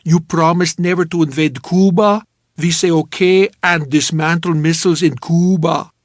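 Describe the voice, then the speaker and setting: A man voicing a gruff Russian male diplomat in a heavy mock Russian accent with blunt, broken phrasing, for an audiobook. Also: on the high side, steady tone, normal speed, no echo, studio quality, lightly acted. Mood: demanding.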